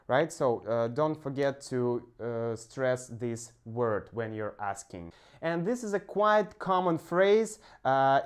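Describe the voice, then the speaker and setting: A male language teacher talks through a pronunciation lesson at an unhurried, drawn-out pace. His English halts often on "uh" as he searches for words, in a mid-pitched voice. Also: clean tone. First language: Russian. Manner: slow, halting explanations with frequent "uh" pauses.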